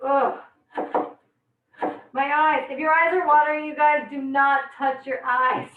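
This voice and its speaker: A young woman teaches a live online cooking class, chatting, laughing, and exclaiming often while onions make her eyes water. Her voice is high, steady in tone, and a little slow, with an echoey, distant, phone-like sound.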